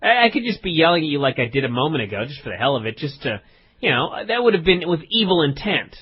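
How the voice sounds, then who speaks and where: Podcast co-host: husky, lively voice, rambling mock-serious teasing, dull lo-fi sound. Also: male voice, fairly high pitch, quick pace. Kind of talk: casual comedic chat.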